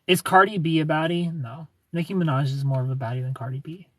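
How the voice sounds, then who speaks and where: A man's voice: on the high side, steady tone, fast talker, few pauses. A young man hosting a casual livestream, greeting viewers and ranting with plenty of swearing and laughter. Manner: ranting, profane, laughing often. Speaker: livestream host. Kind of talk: casual livestream chat reading comments.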